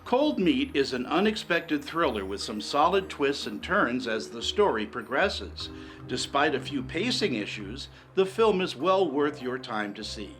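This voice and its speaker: A man's voice: medium pitch, very animated, a little slow, a bit bright, faint music behind. A man reading a scripted film review for a TV segment in a polished manner. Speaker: film critic.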